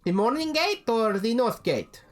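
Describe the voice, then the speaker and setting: A woman plays an odd, heavy-set toymaker in a jester's cap, pitched high and bouncing with a singsong lilt. He pushes his wares with cheery, halting eagerness. The voice swings widely in pitch. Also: sing-song. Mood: cheery salesman.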